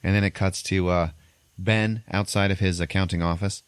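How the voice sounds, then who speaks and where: A man's voice: low-pitched, fairly even intonation, moderate pace, clean tone, no echo. A man hosting a podcast, casually retelling a movie's plot with lots of fillers. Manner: rambling, filler-heavy retelling. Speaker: podcast host. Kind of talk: casual chat, recapping a movie.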